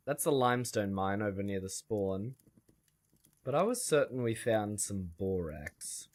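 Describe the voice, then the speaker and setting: Slow, lively-pitched game streamer man. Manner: rambling, wry, chats with viewers. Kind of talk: casual gameplay commentary.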